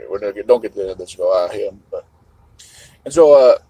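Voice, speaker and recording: A man's voice: lowish voice, animated, moderate pace, warm tone, husky, no room sound, low-quality recording. A middle-aged man vlogging in a casual livestream monologue, rambling and musing with a half-joking tone.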